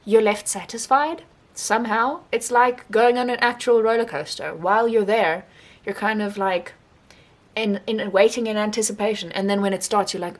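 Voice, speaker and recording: A young woman talks through her month's reads in a loose, chatty way, rambling on and laughing as she goes. Her voice sits at an ordinary middle pitch for a woman, and she sounds animated and unscripted. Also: normal speed. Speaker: book vlogger. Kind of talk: casual monthly reading wrap-up.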